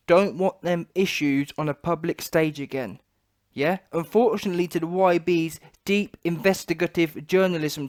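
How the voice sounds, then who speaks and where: A British man with a British English accent delivers an opinionated vlog rant. He talks emphatically and repeats himself for effect, mocking as he goes, and his voice sits high for a man. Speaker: boxing vlogger.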